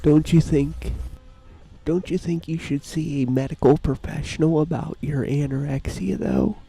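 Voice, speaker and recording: A man's voice: on the high side, normal speed, vocal fry, warm tone, husky. A young man in online voice chat, needling and dismissive, repeating his questions. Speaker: voice chat player. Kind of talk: voice chat argument.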